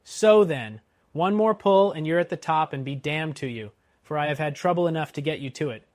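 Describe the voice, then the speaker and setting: A man's voice: fairly high pitch, fairly quick, no room sound, clean studio sound, voice pushed up, natural voice. A man doing a vexed, cursing coachman. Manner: irritable, shouting at horses. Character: vexed, cursing old-time stagecoach driver.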